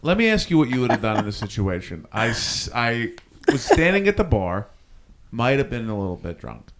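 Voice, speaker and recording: A man's voice: mid-range voice, very animated, brisk. A young man co-hosting a podcast, telling loose stories in casual chat and swearing freely. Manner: laid-back storyteller, swears freely. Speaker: podcast co-host.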